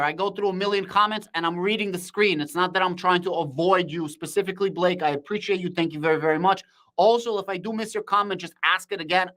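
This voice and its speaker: A man hosting a live stream, shouting with excitement in casual slang and answering viewers' comments. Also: sits high. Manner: shouting, hyped, slangy, reads chat aloud.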